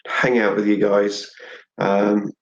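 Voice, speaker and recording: A man's voice: lowish voice, little pitch movement, takes it slowly, echoey room, muffled recording. A man joining a live stream as a guest, chatting casually and teasing the host. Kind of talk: casual chat as a remote guest.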